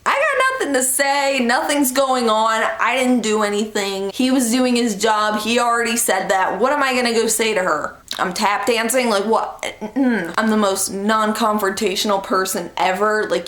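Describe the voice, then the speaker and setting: A young woman vlogger telling a storytime in casual chat, animated, laughing often and acting out quotes. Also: medium pitch, normal speed, hardly any pauses. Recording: echoey room.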